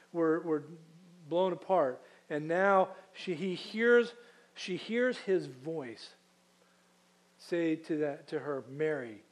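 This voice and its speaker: Guy preaching a sermon, kinda higher voice, chatty, slows way down on the verses. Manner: conversational preaching with restarts and rhetorical questions.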